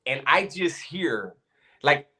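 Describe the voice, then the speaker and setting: A man with a slightly high voice tells a story with animated, profane energy. He builds each story step by step toward the punchline. His talk is loose and conversational. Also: takes it slowly. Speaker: podcast co-host. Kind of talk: casual storytelling chat.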